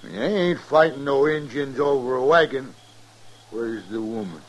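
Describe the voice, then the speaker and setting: An actor playing a jumpy outlaw partner who presses urgently to flee, in 1950s radio drama style. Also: male voice, mid-range voice, unhurried, lightly acted, poor audio.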